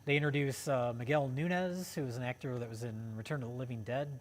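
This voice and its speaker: A man's voice: medium pitch, fast, slight background noise. Rambling, enthusiastic man reviewing films. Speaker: podcast host. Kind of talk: casual film review chat.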